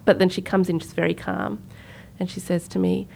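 Woman, thirties, podcast co-host; low, slightly fried voice, chatty storyteller who acts out quotes. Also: flat delivery, normal speed, creaky, a little mellow, a little hiss or hum. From Sri Lanka. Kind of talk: casual conversational storytelling.

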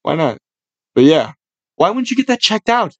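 Loud, swearing young podcast host. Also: male voice, high voice, normal speed, dry recording, muffled recording. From Buffalo, New York area. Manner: loud, swearing, storytelling with animated impressions. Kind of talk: casual podcast chat.

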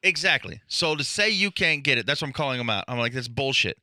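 A man trades casual podcast banter in a blunt, profane way and laughs often. His voice has a very bright, forward tone. The sound is close and dry. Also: medium pitch, animated, fast talker, no room sound. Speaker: podcast co-host.

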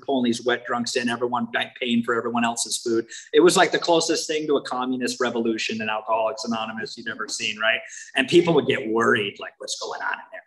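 A man's voice: medium pitch, a bit bright, rough recording. A man from the United States with a Californian accent, giving a candid, wry personal talk as main speaker at a recovery meeting.

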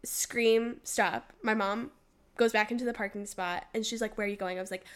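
Mid-range and steady, her voice moves briskly and smoothly. As co-host of an informal podcast, the young woman spins lively stories, voices the people she quotes, and fills her speech with "like."

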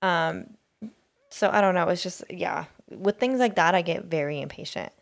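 A woman co-hosting a podcast speaks at a moderate pace in a lowish voice with vocal fry. Her casual chat rambles and hesitates as she searches for her words.

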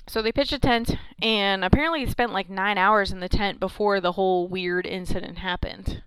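A woman's voice: mid-range voice, fairly even intonation, moderate pace, fairly bright tone, clear, resonant tone, dry recording. A woman co-hosting a podcast, telling a story in casual chat, rambling with many "um" and "like". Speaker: podcast co-host.

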